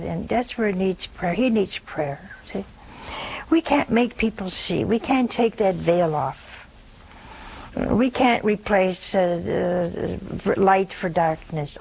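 Slow, gentle woman giving spiritual advice. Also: mid-range voice, breathy edge, low-quality recording. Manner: gentle, folksy, often adds "see?". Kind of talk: pastoral counsel to a listener.

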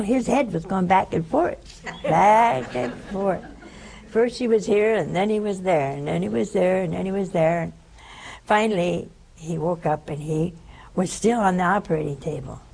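An older religious sister giving a sermon, telling a story with animated voices and sudden drops to a whisper. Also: female voice, fairly low pitch, poor audio. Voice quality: gravelly, husky.

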